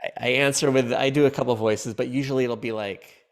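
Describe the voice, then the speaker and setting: Male comedian guest, gravelly, loose and rambling, laughs a lot. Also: medium pitch, fairly even intonation, brisk. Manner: playful, rambling, laughs often. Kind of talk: casual podcast chat.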